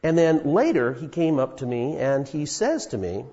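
A man's voice: fairly high pitch, big pitch swings, normal speed, hardly any pauses, mellow. A man in his fifties preaching a sermon, telling a story in a folksy way with many fillers. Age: 50s. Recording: dull sound in an echoey hall.

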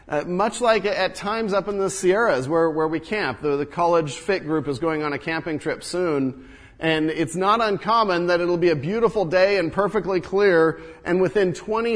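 Higher-voiced preacher in a reverberant hall. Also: male voice. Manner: swings between loud emphatic bursts and hushed low asides. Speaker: pastor. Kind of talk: sermon. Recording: long reverb of a large hall.

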